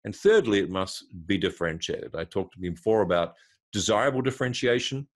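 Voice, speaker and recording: A male marketing consultant, appearing as an interview guest, lays out his ideas through a lively, step-by-step story. His voice sits on the low side and his pace is brisk.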